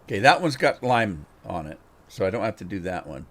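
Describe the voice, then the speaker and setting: His voice sits on the low side, sing-song and brisk. He's a middle-aged gaming livestream host making casual, rambling chat during play, often repeating words mid-thought.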